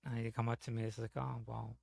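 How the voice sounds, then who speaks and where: A man's voice: mid-range voice, completely flat delivery, rapid-fire, warm tone, no echo. A man chatting casually on a gaming stream, telling rambling, profane stories full of "you know". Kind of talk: casual storytelling chat.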